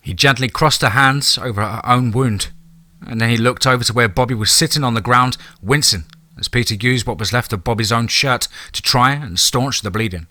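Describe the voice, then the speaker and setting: A man narrating a scripted horror story in a measured, dramatic way. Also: mid-range voice, pushed and bright, no room sound.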